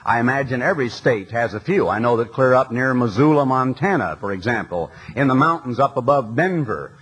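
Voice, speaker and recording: Guy preaching to a big arena crowd, husky breathy voice, gets fired up reading scripture. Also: medium pitch, animated, brisk, a bit bright, low-quality recording. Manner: impassioned, reads scripture aloud, lists items in rising cadence. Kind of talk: sermon to a large audience. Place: large arena.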